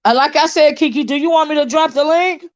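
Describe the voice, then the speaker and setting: Woman livestream host, blunt, profane, worked up, stammery, higher voice, dry close sound. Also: fast talker, dry recording, dull audio. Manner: fired-up, blunt and profane, stammers on repeated words. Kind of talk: casual livestream chat.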